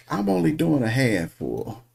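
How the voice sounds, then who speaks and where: A man's voice: mid-range voice, huge pitch swings, slow pace, creaky, a little mellow. A man co-hosting a casual chat among friends, dry and terse. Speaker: podcast co-host.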